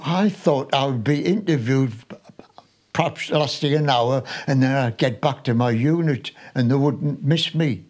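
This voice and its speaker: A man in his nineties from Sunderland, a war veteran recalling his wartime memories for an interviewer in an unhurried, chatty way, with small restarts. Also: medium pitch, darkish tone. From Sunderland, North East England. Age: 90s.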